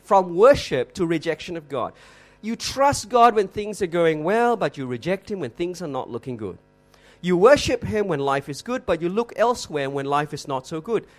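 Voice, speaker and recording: Delivering an expository sermon, a high-pitched man speaks with emphasis, using rhetorical questions and slowing to repeat words for effect.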